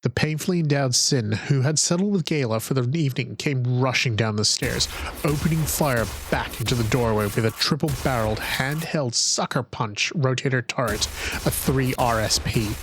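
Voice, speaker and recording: A man narrating a sci-fi audiobook in a measured, even storytelling manner, on a close microphone. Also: mid-range voice, background noise.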